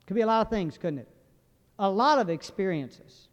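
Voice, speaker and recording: The sermon comes from a man with a high voice and lively intonation, speaking at a moderate pace. He's folksy and jokey, repeatedly asking the congregation questions, and the dull audio has long hall reverb.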